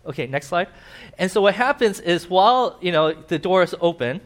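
Animated man preaching with slides. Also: sits high, moderate pace. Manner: animated, acts out voices, asks the audience questions. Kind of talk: casual sermon with slides.

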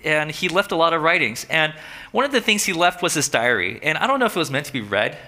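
A man preaching a sermon in a relaxed, conversational way, telling a story and lifting his voice when he quotes. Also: a little high. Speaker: pastor.

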